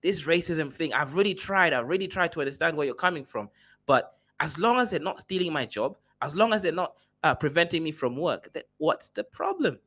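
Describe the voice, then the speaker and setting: A man doing a boastful, scornful African man in a mocking put-on voice. The voice is pushed well above his normal pitch and swings widely as he goes. It sounds like a streamer's parody. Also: lively intonation, a little fast, a bit bright. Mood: exasperated.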